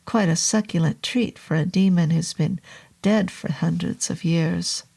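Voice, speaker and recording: A woman voicing a calm, commanding male medicine man who speaks low, steady and urgent. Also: a little slow, creaky, slightly rough, exaggerated voice. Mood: grave.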